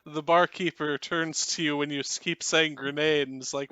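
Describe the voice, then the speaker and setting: A man running a tabletop game as game master, narrating in a relaxed, amused way. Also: on the high side, normal speed, smooth, no room sound.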